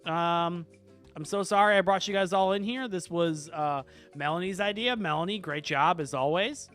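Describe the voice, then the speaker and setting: A man voicing a fretful female office manager who talks in an apologetic, halting way. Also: high-pitched, a bit bright, soft background music.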